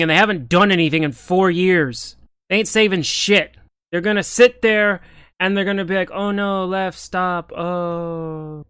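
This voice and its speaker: A man's voice: high-pitched, fairly bright tone, clear, resonant tone, dry recording. A man ranting in political commentary, exasperated, sarcastic and profane.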